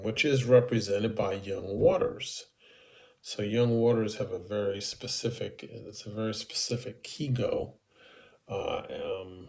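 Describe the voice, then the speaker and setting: Man, low-pitched and slow, relaxed haiku teacher full of pauses and fillers. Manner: unhurried, many ums and uhs, thinking aloud. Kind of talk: relaxed spoken lesson.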